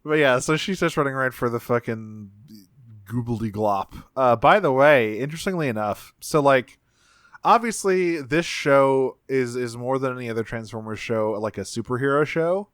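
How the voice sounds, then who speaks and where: A man's voice: mid-range voice, normal speed, clean tone, no room sound, studio quality. A man co-hosting a podcast, casually recapping a cartoon episode, swearing freely and acting out bits of dialogue with lots of fillers. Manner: laid-back, swears freely, many fillers, acts out lines. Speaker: podcast co-host.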